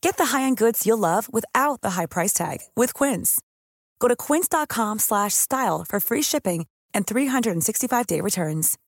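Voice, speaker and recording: A woman's voice: on the high side, lively intonation, moderate pace, no echo, clean studio sound. A woman reading a scripted ad in an upbeat, enthusiastic way. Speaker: ad reader. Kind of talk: scripted ad read.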